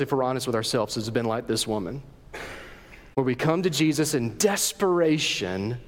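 A pastor preaching a sermon, talking to the congregation conversationally and asking them questions. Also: male voice, mid-range voice, a little hiss or hum. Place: church sanctuary. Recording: reverberant church hall.

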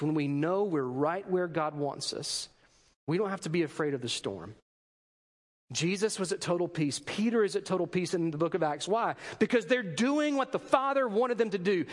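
Male pastor, high voice, conversational sermon with rhetorical questions and light humor. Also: long reverb tail.

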